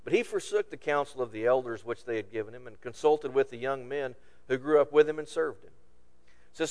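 A man's voice: on the high side, expressive, brisk, long reverb tail. A man preaching a sermon, reading scripture aloud and retelling it in plain everyday words.

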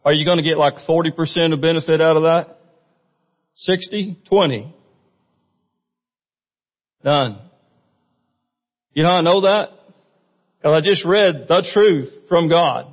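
A man gives a conversational sermon in a church sanctuary, often asking his listeners questions. He speaks in a slightly high voice, taking his time and pausing often, captured in a muffled recording with long hall reverb.

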